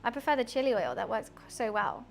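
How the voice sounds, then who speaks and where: A woman's voice: a little high, animated, fast talker, creaky, faint music behind. A young woman chatting casually on a cooking live stream, rambling through asides in her home kitchen.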